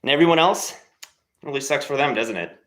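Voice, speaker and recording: A young man with a medium-pitched, fairly bright voice hosts a live stream, talking quickly and expressively. Between workout sets he chats casually, teasing his viewers in a laid-back, motivational way.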